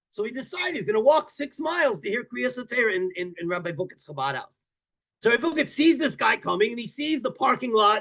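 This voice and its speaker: A man, a rabbi teaching a Torah class, telling stories in an animated way, repeating words and bursting into loud emphasis. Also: sits high.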